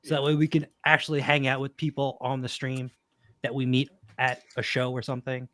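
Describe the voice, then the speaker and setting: A man co-hosting a podcast in relaxed, casual chat, looking back on events. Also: mid-range voice, brisk. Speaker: podcast co-host.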